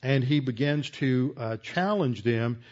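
A man preaching a verse-by-verse sermon, slowing down with frequent pauses and then pressing his points firmly. His voice sits mid-pitch, and the recording sounds a little dull and lo-fi. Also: a little mellow. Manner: deliberate teaching with many "uh" pauses, rising to emphatic. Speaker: pastor. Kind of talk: expository Bible teaching sermon.

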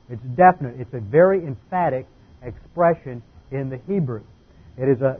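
Guy preaching bible doctrine point by point, a bit high and husky, sounds like tinny old radio. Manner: methodical, lists numbered points and defines terms.

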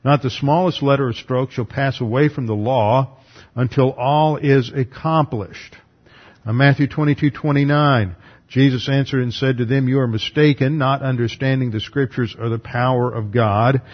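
A man's voice: medium pitch, fairly even intonation, normal speed, lo-fi sound. A man giving a methodical, numbered Bible lesson, reading verses aloud and then explaining them. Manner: methodical, reads scripture aloud between explanations. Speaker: Bible teacher.

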